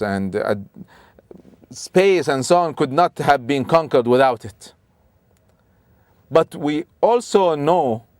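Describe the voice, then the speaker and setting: A man telling a religious story as a lesson, animated, with sudden emphatic rises and frequent restarts. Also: mid-range voice, no echo. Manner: speaks with restarts and repeats. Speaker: religious lecturer.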